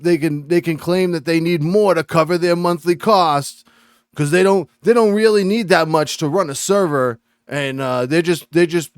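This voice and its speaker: A man's voice: fairly high pitch, smooth, no room sound, studio quality, voice pushed up, close to an everyday voice. A man voicing an indignant male online commenter with an exaggerated New York-Boston accent. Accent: mock New York-Boston accent. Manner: ranting, indignant. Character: loudmouthed male conspiracy-minded online commenter.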